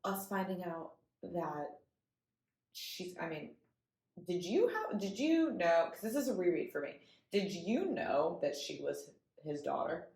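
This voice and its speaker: A young woman co-hosting a podcast, excitable in casual book chat and acting out the quotes she tells. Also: fairly low pitch, unhurried, vocal fry, echoey room. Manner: animated and excitable, acts out quotes. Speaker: podcast co-host.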